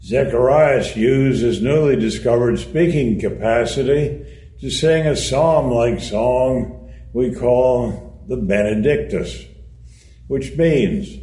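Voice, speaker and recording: Male reader for a sermon, slow and measured, wry delivery, roomy sound. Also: medium pitch, mellow. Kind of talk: read-aloud sermon. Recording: echoey room.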